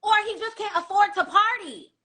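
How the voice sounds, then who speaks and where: A woman's voice: very high voice, moderate pace, pushed and bright. A woman giving blunt dating advice in a casual monologue, lecturing and asking rhetorical questions.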